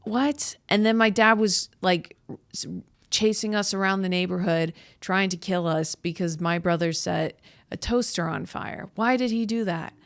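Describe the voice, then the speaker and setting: A woman with a lowish, gravelly voice rambles through a comedic podcast monologue, crude and irreverent and quick to mock herself. The sound is close and dry, with no room around it. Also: steady tone, no room sound. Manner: crude, irreverent, self-mocking. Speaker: podcast host.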